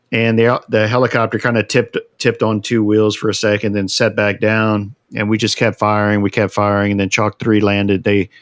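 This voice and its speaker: A man, a veteran guest on a podcast, telling a long story in a casual, animated way and acting out the quotes. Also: fairly low pitch, dry recording. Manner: animated, acts out shouted quotes.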